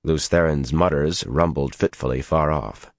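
A man narrating a fantasy audiobook in a steady, dramatic storytelling manner. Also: very deep voice, normal speed, no echo, studio quality. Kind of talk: scripted narration.

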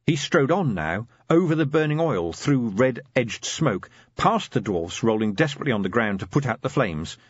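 A man with a husky, mid-pitched voice reads a novel aloud, with his intonation rising and falling freely. The recording is dry and close, and it sounds slightly muffled. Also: normal speed, few pauses, dry recording. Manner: lively, expressive storytelling. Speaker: audiobook narrator. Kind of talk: scripted narration.

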